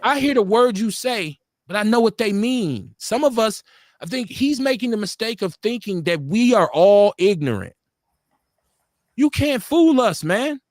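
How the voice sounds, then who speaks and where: This middle-aged Milwaukee radio host has a high-pitched, darkish voice with lively intonation and a normal pace. He tells street stories on a casual live-stream talk show using blunt, profane slang. The recording is studio quality and echo-free.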